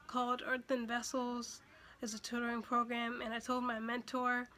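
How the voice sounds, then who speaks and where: A woman's voice: fairly high pitch, sharp tone, slight background noise. A young woman telling a personal story in a chatty way, full of fillers and restarts, and emotional at moments. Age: young adult. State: emotional, near tears at times. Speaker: vlogger. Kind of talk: casual storytime.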